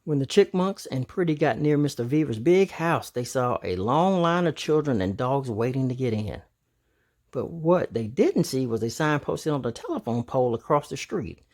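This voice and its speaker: A man narrating a children's storybook aloud in an animated, expressive way. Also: mid-range voice, normal speed.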